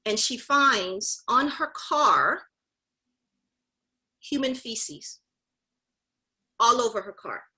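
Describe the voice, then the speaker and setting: A woman's voice: fairly high pitch, expressive, very slow, pauses often, sharp tone, poor audio. A woman giving a motivational talk to a mentorship group, emphatic and direct, often repeating phrases and calling out to her listeners. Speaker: mentorship session speaker.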